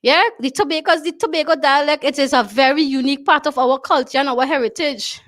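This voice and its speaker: A woman's voice: high-pitched, fast talker, fairly bright tone. A Trinidadian woman hosting a talk show, speaking emphatically, repeating her phrases and often asking "you understand?". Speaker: show host.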